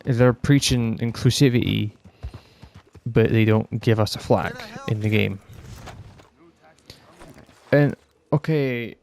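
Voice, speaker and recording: A man's voice: medium pitch, slow pace, vocal fry, long pauses, a little mellow, a little hiss or hum. A young man from Scotland with a northern Scottish accent, ranting casually and heatedly, swearing often. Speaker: podcast rambler. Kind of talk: casual rant.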